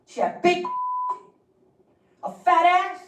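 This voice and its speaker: A man's voice: very high-pitched, fairly even intonation, fairly bright tone, roomy sound, distant mic, voice pushed up, exaggerated voice. A man voicing an over-the-top, boastful man who brags about women, in a stand-up bit. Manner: boastful, drawn-out emphatic delivery.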